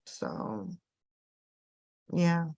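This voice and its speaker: A woman hosting a casual live stream, ranting about celebrity gossip in an animated, exasperated, profane way. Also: drawn-out words. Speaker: host.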